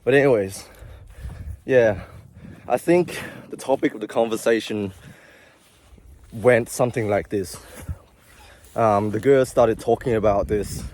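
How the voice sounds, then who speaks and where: A man's voice: lowish voice, unhurried, long pauses, a little mellow, slight background noise. A young man who works in healthcare, talking casually and confessionally to his viewers while out of breath, rambling with frequent asides. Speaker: vlogger, healthcare worker. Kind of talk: casual talking-to-camera vlog.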